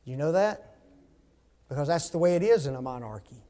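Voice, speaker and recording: A man leads a Bible class in a high-pitched voice. He is animated and jokey, and keeps quizzing his listeners with questions. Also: fairly quick.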